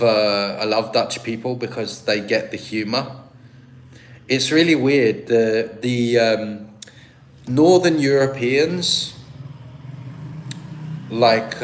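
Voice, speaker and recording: A British man talks loosely to his livestream audience, answering viewer comments as they come in. His voice sits at a middle pitch. He rambles and restarts his sentences, and he is quick to make fun of himself. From Britain. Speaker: livestream host. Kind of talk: casual live-stream chat, reading viewer comments.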